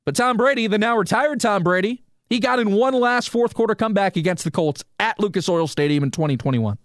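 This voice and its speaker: In clean studio audio with no room sound, a sports radio host with a high voice rants fairly quickly on his solo podcast. He's animated, fires off rhetorical questions, and speaks straight to his listeners.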